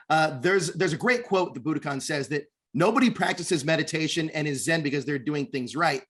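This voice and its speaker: A man's voice: on the high side, fairly bright tone. A man interviewing an actor, asking enthusiastic questions full of praise. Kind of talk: entertainment press interview.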